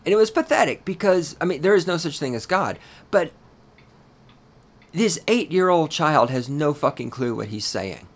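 A man hosting his own podcast in a solo rant, swearing heavily and talking in a loud, heated way. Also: animated, normal speed. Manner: profane, ranting, heavy swearing; loud and heated, then lower and grumbling. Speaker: podcast host.

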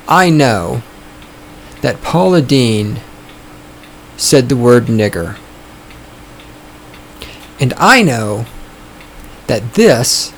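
A man hosting his own podcast, talking in a sarcastic, profane, ranting way, his voice starting to go hoarse. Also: medium pitch, slight background noise. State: voice going hoarse. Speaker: podcast host. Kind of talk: casual opinionated podcast monologue. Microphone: studio microphone.

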